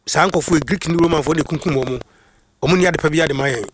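Guy preaching, kinda high voice, says stuff over and over for emphasis, faint hiss behind. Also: fast. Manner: preaches in Twi, mixing in English phrases; emphatic, repeats phrases for stress. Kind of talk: radio-style sermon with greetings to listeners.

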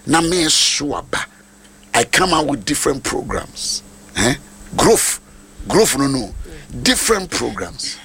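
A man, a pastor delivering a sermon with prophetic declarations, animated and shouting, mixing English phrases into Twi. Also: medium pitch, unhurried, breathy edge.

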